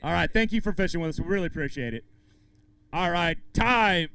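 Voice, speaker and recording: A man's voice: sits high, lively intonation, a little fast, creaky, bright, forceful tone, clean tone, no room sound. A man emceeing a live fishing tournament weigh-in outdoors, hyping up the crowd and the anglers as he calls out weights. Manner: upbeat, hypes up the crowd and anglers.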